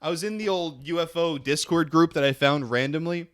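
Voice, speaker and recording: A man's voice: on the high side, a little fast, a bit bright, clean tone, dry recording, studio quality. A young man hosting a podcast, chatting casually in a rambling way, often restarting sentences and swearing. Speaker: podcast host.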